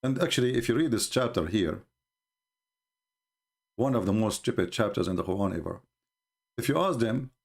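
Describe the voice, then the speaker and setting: A man giving live-streamed commentary in an emphatic, scornful, mocking manner, often halting with fillers and restarts. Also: lowish voice, expressive, creaky.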